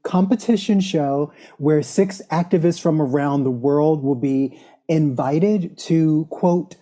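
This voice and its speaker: A woman co-hosting a podcast, explaining things in a dry, measured casual way. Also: sits low, dark tone. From United States. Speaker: podcast co-host. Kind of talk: casual chat.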